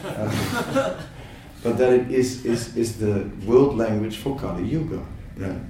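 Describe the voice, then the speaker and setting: A man giving an informal spiritual lecture, talking in a conversational, halting way with many fillers and laughing asides. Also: mid-range voice, animated, recorded from a distance, noisy background. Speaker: spiritual teacher. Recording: echoey room, voice from off-mic.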